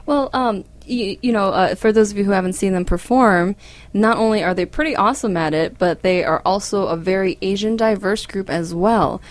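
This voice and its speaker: A woman's voice: medium pitch, normal speed, no room sound. A woman hosting a casual community interview, chatty and laughing often. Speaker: radio show host.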